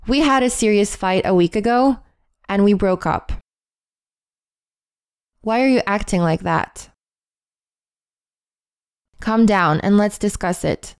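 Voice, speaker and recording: A woman reading a list of English phrases in a calm, measured way, with deliberate pauses between them. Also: medium pitch, smooth, no echo, clean studio sound. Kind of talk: slow read-aloud phrase list.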